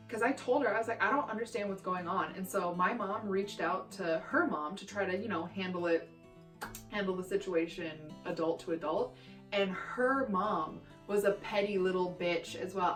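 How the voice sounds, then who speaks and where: A young woman from Texas telling childhood stories in a brash, profane, animated way for her vlog. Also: on the low side. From Texas, USA. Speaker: vlogger. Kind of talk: storytime vlog. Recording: roomy echo, distant mic, faint guitar music.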